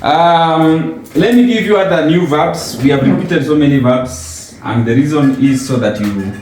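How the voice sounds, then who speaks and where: A man's voice: a little high, a little slow, darkish tone, soft background music. A man giving an informal language lesson, patiently asking questions and repeating words for his learner. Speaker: language teacher. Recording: very echoey room.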